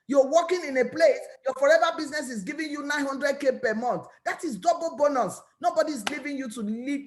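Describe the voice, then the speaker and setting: A woman with a Nigerian English accent gives an energetic motivational talk about her network marketing business, often repeating and restarting words. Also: high voice. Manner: energetic, repetitive, preachy.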